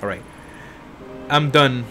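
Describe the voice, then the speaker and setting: Male streamer in his twenties, tired voice, self-deprecating gameplay chatter, mid-pitched. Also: slow pace, sharp tone, slight background noise. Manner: self-deprecating, rambling asides. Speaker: game streamer. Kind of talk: casual gameplay commentary.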